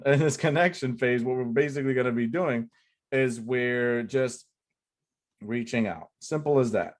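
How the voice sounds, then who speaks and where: A man teaching an online sales lesson at a whiteboard, talking loosely with lots of "like" and "right?" and repeating key phrases for emphasis. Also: mid-range voice. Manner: loose and chatty, full of "like" and "right?" tags. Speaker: online marketing coach.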